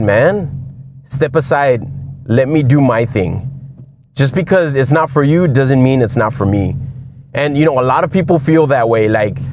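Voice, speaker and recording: A man's voice: fairly high pitch, a little hiss or hum. A man hosting a podcast, talking bluntly and preachily in a casual motivational monologue, often saying "man" and "dude". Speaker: podcast host.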